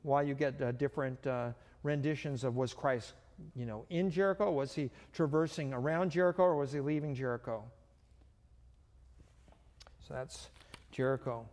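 A man's voice: medium pitch, normal speed, long pauses, darkish tone. A man preaching a sermon as pastor, talking in a conversational way with frequent fillers and restarts. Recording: long reverb of a hall.

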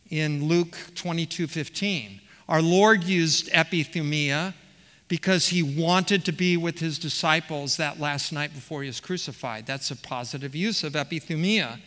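Preacher, male, high and bright voice, emphatic and questioning, long church reverb. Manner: emphatic, repeats words, asks questions of the congregation. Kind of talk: expository sermon. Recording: long reverb of a large hall.

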